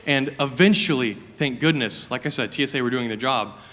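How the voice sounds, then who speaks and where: A young man giving a sermon as a guest preacher, telling a personal story in an animated, chatty way with lots of "like" fillers. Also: mid-range voice, brisk. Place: church sanctuary. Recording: reverberant hall.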